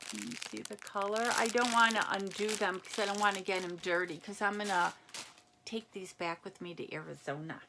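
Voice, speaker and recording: A woman chatting casually as she unboxes a gift package, reading labels aloud and reacting with excitement. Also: medium pitch, brisk, gravelly, very noisy. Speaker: unboxing vlogger. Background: crinkling packaging.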